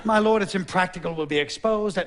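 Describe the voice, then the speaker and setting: A man's voice: sits high, a little fast, fairly bright tone. A man voicing a dutiful, anxious general reporting to his king. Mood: deferential. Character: dutiful, anxious royal war-council general.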